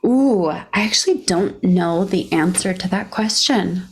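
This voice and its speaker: Woman, interview guest, candid, frank, laughs often, slightly low voice. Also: measured pace, slightly rough. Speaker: guest entrepreneur. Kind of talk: casual interview chat.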